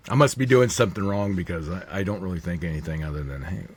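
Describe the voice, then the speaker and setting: A man's voice: low voice, lively intonation, fast talker, a little hiss or hum. A man co-hosting a podcast, laid-back and joking, mostly chiming in with short remarks. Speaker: podcast co-host. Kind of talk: casual chat.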